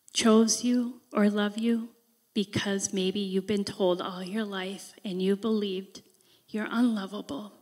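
A woman reading scripture and sharing a personal story in an earnest, deliberate devotional talk. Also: medium pitch, long reverb tail. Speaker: devotional speaker.

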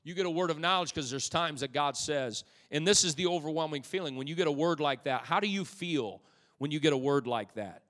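A man's voice: on the high side, a little fast. Preaching man in a reverberant church. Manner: animated preaching that builds to loud, fervent peaks; humorous asides to the congregation. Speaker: pastor. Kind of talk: sermon. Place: church sanctuary. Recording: long reverb of a church hall.

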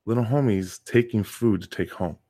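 A man with a fairly low, dark-toned voice co-hosts a casual podcast, telling a long story in the relaxed style of a coach and PE teacher. He speaks at a moderate pace and with emphasis, often doubling words to drive a point home.

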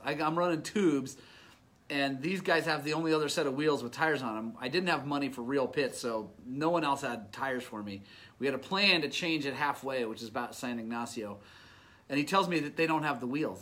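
A middle-aged man recounts a race in a relaxed, storytelling way, poking fun at himself and breaking into laughter often. His voice sits a little high and comes across bright and forceful. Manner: animated, self-mocking, laughs often. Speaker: off-road motorcycle racer telling a race story. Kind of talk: casual storytelling.

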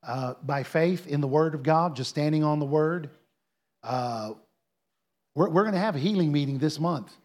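A man's voice: a little high, normal speed. A man, a pastor preaching and answering a question, telling stories earnestly and building to emphatic peaks.

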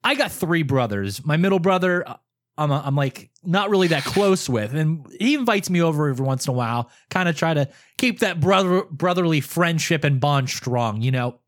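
A man's voice: on the high side, lively intonation, moderate pace. A young adult man telling a story in casual podcast chat, swearing often and laughing through it.

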